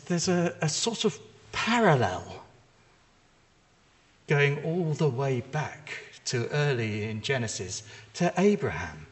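A man preaching a sermon, retelling a story in a lively, conversational way with casual asides. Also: medium pitch. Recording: long reverb of a large hall.

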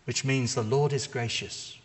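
A man preaching a sermon, retelling a story in a lively, conversational way with casual asides. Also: mid-range voice, a little slow. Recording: long reverb of a large hall.

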